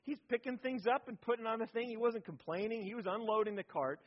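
Husky man preaching, lo-fi. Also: very high-pitched, fast talker. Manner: conversational storytelling, keeps asking the audience "right?". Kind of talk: sermon on parenting. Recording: dull lo-fi recording.

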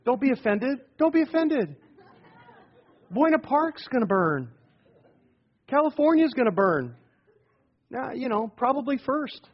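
A high-pitched, slightly husky man preaching a sermon, folksy and emphatic. He keeps firing rhetorical questions and repeating key phrases. The recording is dull and lo-fi. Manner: down-to-earth, calls himself rednecky. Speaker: pastor.

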